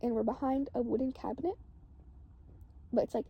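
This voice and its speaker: A woman's voice: a little high, fairly even intonation, a little fast, husky, lo-fi sound. A woman casually recounting a dream, rambling and saying "like" constantly.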